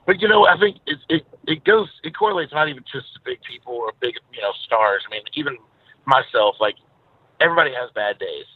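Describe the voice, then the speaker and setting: A man from Texas with a Southern drawl, chatting as an interview guest. He tells stories in a relaxed way with plenty of uhs. His voice comes through a thin, tinny phone line with a dry, close sound. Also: medium pitch, fairly quick, slightly rough, no room sound. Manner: easygoing storyteller, many filler uhs. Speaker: guest musician. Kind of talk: casual interview over the phone.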